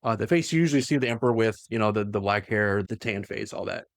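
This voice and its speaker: A man's voice: lowish voice, lively intonation, fast, no echo, studio quality. A young man co-hosting a podcast, casually retelling a story and acting out the quoted lines in funny voices. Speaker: podcast co-host.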